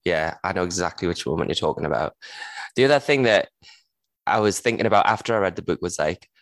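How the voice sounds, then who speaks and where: A man's voice: deep voice, lively intonation, fast talker, fairly bright tone, dry recording. A man co-hosting a casual book podcast, talking earnestly with many fillers like "like". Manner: earnest, lots of "like", occasional swearing. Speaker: podcast co-host.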